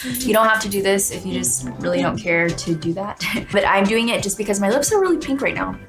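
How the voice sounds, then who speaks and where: Calm woman giving makeup instructions. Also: mid-range voice, a little fast, over music. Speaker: makeup tutorial presenter. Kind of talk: instructional how-to.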